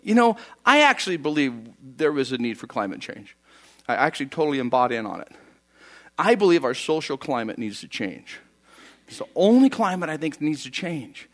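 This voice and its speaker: A man's voice: fairly high pitch, fairly bright tone. A man preaching a conversational sermon, telling the story in a folksy way with chatty asides. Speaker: pastor.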